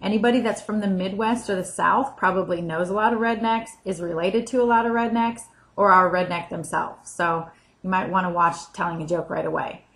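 A woman's voice: fairly low pitch, fairly even intonation, brisk, a bit bright, low-quality recording. American woman vlogger, dry and sarcastic, scripted comedy list. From United States. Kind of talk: scripted comic vlog list.

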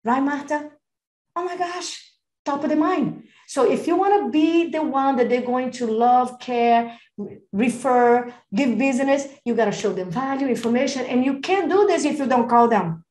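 A woman gives an emphatic live coaching talk over a video call, pushing her points hard and turning to attendees by name. Her voice sits fairly high for a woman. The sound is roomy and echoey. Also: moderate pace. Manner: energetic, emphatic, calls attendees by name and "darling"; acts out phone calls and client dialogue. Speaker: real estate business coach.

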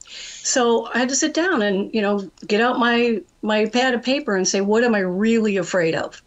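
Middle-aged woman radio guest, animated storyteller, mid-pitched voice. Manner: chatty, animated storyteller, laughs often. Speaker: radio guest, trading coach. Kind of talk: phone-in storytelling on a talk show.

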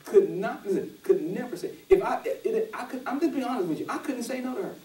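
A man's voice: very high-pitched, fast talker. A man preaching a conversational sermon to a responsive congregation, telling stories and acting out quoted voices in a casual dialect. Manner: animated storyteller who acts out quoted voices, casual dialect. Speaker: pastor. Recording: roomy church audio from a distance.

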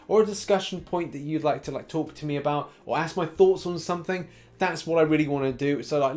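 A man's voice: a little high, darkish tone. A man hosting a casual gaming news show, rambling and laughing often, with a slight cough.

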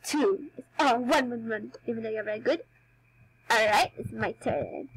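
A woman's voice: on the high side, moderate pace, slightly rough, dry recording, rough recording. A young woman chatting casually while playing a dance game for her channel, a bit under the weather. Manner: chatty, giggly, self-mocking. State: slightly sick, coughing. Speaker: gaming YouTuber.

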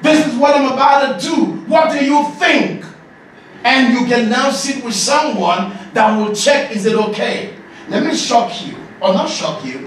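High-pitched man lecturing in an echoey hall. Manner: animated, joking, often laughing and shouting. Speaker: leadership coach. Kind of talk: lively masterclass talk to an audience. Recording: echoey hall, distant mic, noisy.

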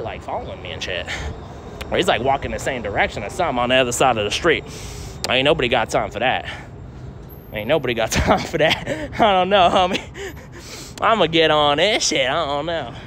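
A man's voice: a little high, pushed and bright. Rambling young man streaming from a city street. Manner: rambling slangy talk, heavy swearing, frequent "I don't know, homie". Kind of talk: casual live-stream vlog. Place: outdoors on city streets and a train station. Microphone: phone held while walking. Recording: faint street noise from outside.

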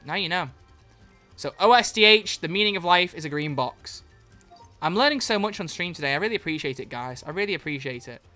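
Bright-voiced streamer, swearing freely. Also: medium pitch, fast talker, faint music behind. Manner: excitable, swears freely, bursts into loud laughter. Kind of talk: live-stream commentary.

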